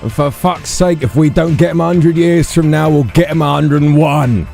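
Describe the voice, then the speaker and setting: A man voicing a loud, swaggering police officer with a Cockney accent, rallying his crew in role-play. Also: a little high, fairly even intonation, normal speed, vocal fry, soft background music, voice pushed up. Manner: rousing, brash, swearing.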